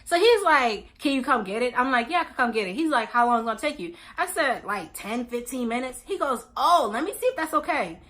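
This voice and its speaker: Young woman vlogger, high and bright, swoops all over her range; casual storyteller. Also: a little fast, few pauses. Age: 20s. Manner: animated, slangy, acts out both sides of conversations.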